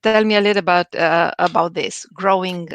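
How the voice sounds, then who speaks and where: A woman hosting a live-stream interview, speaking in a measured, affirming way with frequent fillers over a video call. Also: lowish voice, steady tone, dull audio, slight background noise.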